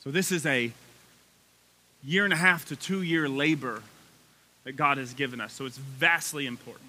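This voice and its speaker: Energy drives this male pastor's sermon, delivered at an ordinary pace. When excitement builds his voice goes high, and he makes offhand asides to the people in the pews.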